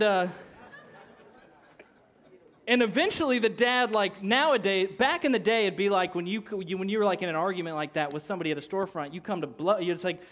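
A man preaching, telling a personal story and acting out the people in it with lively swings of voice. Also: high-pitched, a little fast. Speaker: pastor. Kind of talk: sermon story.

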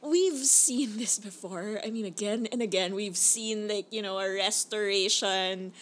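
A woman's voice: mid-range voice, measured pace. Rambling, hesitant woman co-host. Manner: rambling, hesitant, full of fillers. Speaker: podcast co-host. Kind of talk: casual chat reviewing movies.

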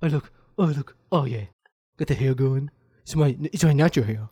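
A man doing a comedy impression of a boastful older male politician, talking low with his bottom jaw pushed out. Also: warm tone, breathy edge, dry recording, natural voice. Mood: vain. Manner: bragging, quick, self-assured.

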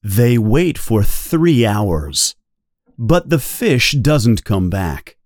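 A man giving a slow, guided reading of a novel for English learners, speaking clearly and carefully. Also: mid-range voice, very animated, a little mellow, no echo, clean studio sound. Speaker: reader.

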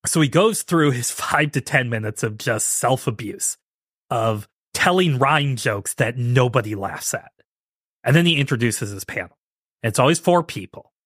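Male podcast host, mid pitch, sarcastic ranting commentary, dead dry booth sound. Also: animated, normal speed, fairly bright tone, no room sound. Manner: sarcastic, mocking impressions of others. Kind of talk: casual commentary.

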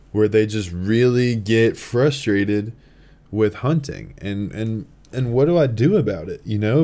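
Man, podcast host, casual storytelling, lots of swearing, lowish voice. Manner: animated, swearing, laughs while telling.

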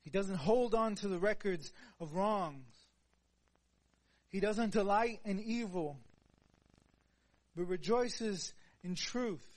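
A man preaching a sermon in an earnest voice, dropping to a hush and then rising to louder, emphatic lines. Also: sits high, slow pace, long pauses. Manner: earnest, swings between soft hushed passages and louder emphatic ones.

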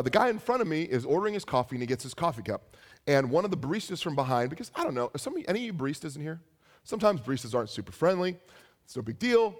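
A young adult man preaching a sermon as a pastor, telling stories with animated asides. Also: mid-range voice.

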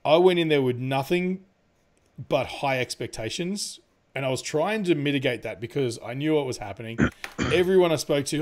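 A man's voice: medium pitch, expressive, moderate pace. A young adult man chatting casually about a film, rambling with lots of fillers, laughing often and swearing freely. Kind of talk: casual movie review chat.

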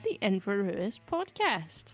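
A young adult woman hosts a podcast, chatting casually in a hesitant, self-deprecating way with many ums. Her mid-range voice swings widely in pitch, moves slowly, and has a breathy edge, with soft music playing in the background.

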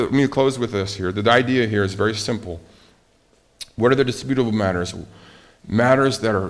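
A man preaching a sermon as pastor. He talks to the congregation conversationally, asks rhetorical questions and drops to a soft, low voice for emphasis.

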